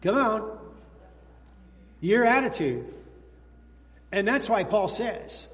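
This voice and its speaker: A male pastor delivers a lively sermon with a high, bright voice that carries through a church sanctuary with a long reverb tail. He tells stories in an animated way and speaks directly to the kids in the congregation. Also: slow pace, long pauses. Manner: animated storytelling, talks to the kids in the room.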